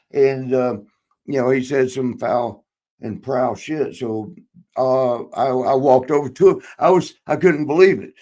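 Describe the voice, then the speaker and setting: A man's voice: medium pitch, expressive, slow pace, warm tone. Rambling, profane older man telling stories. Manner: rambling, profane, laughs often, acts out quotes. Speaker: podcast host, former wrestler. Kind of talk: casual storytelling chat.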